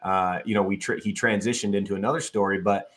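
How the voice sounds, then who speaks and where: A man's voice: on the low side, fairly even intonation, fast talker. A man co-hosting a podcast who chats casually and thinks aloud, with many fillers. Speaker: podcast co-host. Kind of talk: casual chat.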